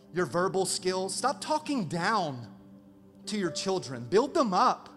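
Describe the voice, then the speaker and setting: A man in his thirties preaching a sermon as pastor, energetic and animated, calling out to the congregation. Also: high-pitched. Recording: reverberant hall, faint music behind.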